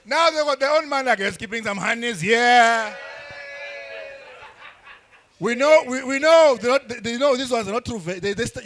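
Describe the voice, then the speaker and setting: A young man doing crude, rambling stand-up comedy with frequent restarts and shouted bursts. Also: very high voice, a little hiss or hum. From South Africa.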